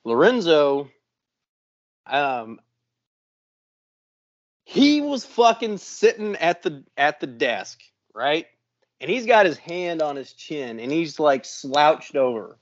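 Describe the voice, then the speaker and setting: A man with a slightly high voice tells a long story in casual podcast chat, cursing freely and acting out what everyone said. The sound is dry and a little dull, like a close room mic with limited fidelity. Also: takes it slowly, pauses often, dry recording. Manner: profane, animated, acts out quotes. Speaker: podcast co-host.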